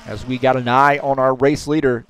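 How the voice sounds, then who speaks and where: A man's voice: medium pitch, level tone, a little fast, slight background noise. A man giving casual, chatty commentary on a sim race, with lots of fillers.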